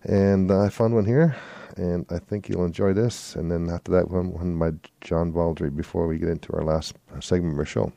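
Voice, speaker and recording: In a dark, creaky, low-pitched voice, a swing music radio host reads event listings at a moderate pace with a steady tone and hardly a pause. He rambles casually and fixes his own slips; there's no echo.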